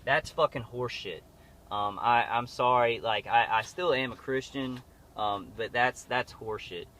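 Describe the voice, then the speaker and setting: A man's voice: mid-range voice, a little slow, fairly bright tone. A man vlogging in a rambling, agitated way from inside a car on the street, cursing and stumbling with fillers and restarts, speaking into a phone mic that his thumb partly covers. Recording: muffled phone audio with traffic noise.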